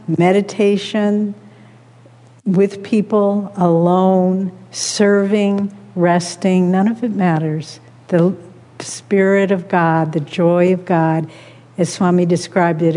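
Woman preaching a slow gentle sermon, low mellow voice, big hall echo. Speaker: spiritual teacher. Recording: long hall reverb.

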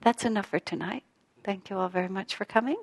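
Woman, spiritual teacher, reflective storytelling, self-deprecating, mid-pitched voice, long hall reverb. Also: quick pace, a little hiss or hum. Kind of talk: evening spiritual talk to a group.

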